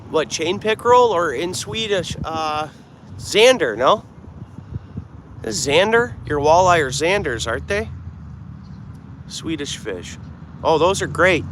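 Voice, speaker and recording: A man's voice: high voice, fairly bright tone. Man, fishing live-streamer, chatty, thinking aloud, outdoors, noisy background. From Canada. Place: outdoors by the water. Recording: clear outdoor background noise.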